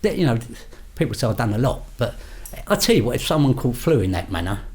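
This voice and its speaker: A man's voice: mid-range voice, very animated, fast talker, a little mellow. An older man, a podcast guest recounting his past in a blunt, storytelling way and acting out the exchanges he quotes. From London. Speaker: guest, former gangster. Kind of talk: storytelling interview.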